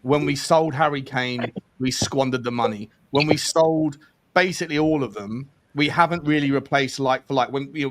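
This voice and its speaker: A man's voice: medium pitch, moderate pace, fairly bright tone. A man, co-hosting a casual football chat, agreeable and joking in a conversational way. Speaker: co-host.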